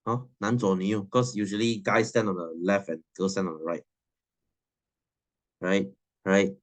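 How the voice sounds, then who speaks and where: A man's voice: deep voice, steady tone, moderate pace. A man, teaching a science class in a chatty, teasing way and laughing often. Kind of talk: classroom lesson.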